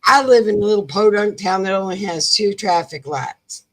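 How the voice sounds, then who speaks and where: Sick woman co-host, croaky and folksy, rambles through a chatty story. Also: mid-range voice, normal speed. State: sick, under the weather. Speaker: co-host of a live chat show. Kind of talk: casual chat.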